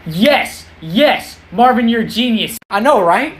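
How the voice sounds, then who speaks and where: A man's voice: sits high, animated, unhurried, noisy background. A man who reacts to a friend's odd remarks with exasperated, sarcastic comebacks in a comedy skit.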